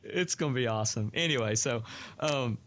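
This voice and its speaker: A man telling a long work story on a podcast in a casual, animated way, often acting out what others said. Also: mid-range voice, brisk, a little hiss or hum. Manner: animated, acts out quoted voices.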